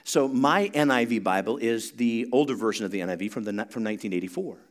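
A pastor preaching to his congregation, moving from conversational teaching into loud, rising emphasis and leading call-and-response. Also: mid-range voice, animated, fast. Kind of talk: sermon.

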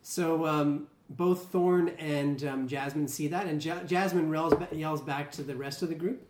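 Relaxed, halting game master in a roomy room. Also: medium pitch. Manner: relaxed, halting, with many fillers. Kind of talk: narrating a tabletop game. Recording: roomy room, faint noise.

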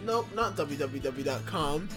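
A man's voice: on the high side, animated, measured pace, loud music behind the voice. A man hosting a casual podcast, reading the sponsor ads in a goofy, jokey way and stumbling over web addresses. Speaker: podcast host.

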